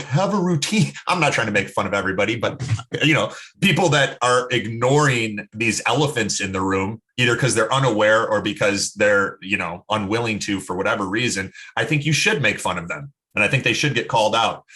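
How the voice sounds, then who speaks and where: Bright-voiced chatty man. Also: lowish voice. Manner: animated storyteller, many "like" fillers. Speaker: podcast guest, health expert. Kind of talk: casual interview talk.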